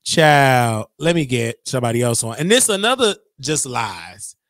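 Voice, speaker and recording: A young man hosting a casual livestream, talking in an animated, gossipy way and laughing often. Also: medium pitch, normal speed, dry recording. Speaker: show host.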